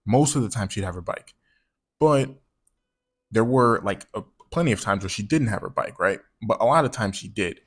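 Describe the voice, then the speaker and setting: A man's voice: lowish voice, expressive, moderate pace. Slangy man rambling through a story. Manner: slangy and profane, rambling with repeated words. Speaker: vlogger telling a personal story. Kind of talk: casual storytime monologue.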